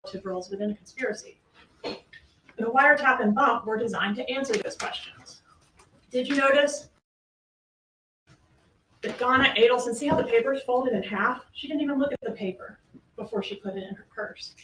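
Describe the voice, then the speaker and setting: A woman's voice: a little high, moderate pace, pauses often, fairly bright tone, a little hiss or hum. A woman prosecutor giving a courtroom closing argument, emphatic and full of rhetorical questions. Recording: echoey room, distant mic, faint ambience.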